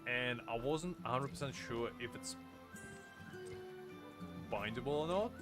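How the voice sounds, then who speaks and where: Playful guy streaming a game and reading the lines out loud, rambles off a lot, average pitch, game music going under him. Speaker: gameplay streamer. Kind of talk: casual gameplay commentary, reading dialogue aloud.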